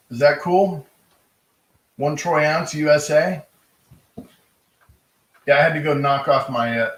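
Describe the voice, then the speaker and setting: A man's voice: mid-range voice, fairly bright tone, reverberant, rough recording. A man casually chatting as he runs a live-stream auction from his home, laughing often and rambling between bids. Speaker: livestream auction host. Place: room at home.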